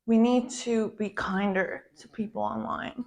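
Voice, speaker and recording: A woman's voice: on the high side, steady tone, unhurried, vocal fry. A woman content creator venting in a POV girlfriend role-play, swearing often and calling the listener babe. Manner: profane, ranting, calls the listener babe.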